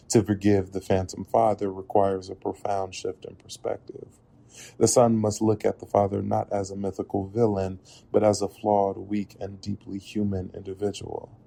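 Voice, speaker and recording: A man with a very deep, gravelly voice delivers a reflective spoken essay. His tone is dark and husky, and his pacing is measured and earnest. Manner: measured, earnest, with occasional laughs at slips. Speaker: narrator.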